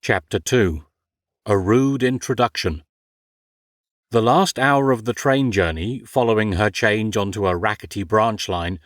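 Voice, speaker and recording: A man narrating an audiobook in a measured, wry storytelling manner. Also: lowish voice, no echo, clean studio sound. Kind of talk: scripted narration.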